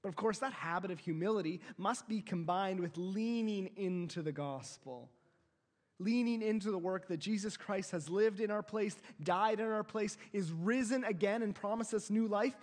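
A man preaching a sermon as pastor, earnest, swelling louder and slowing down on his key phrases. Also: high voice, long reverb tail.

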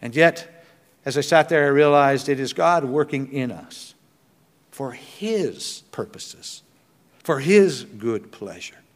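A man's voice: medium pitch, expressive, slow. An older man preaching a sermon as pastor, earnest and conversational, with self-deprecating humor. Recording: long hall reverb.

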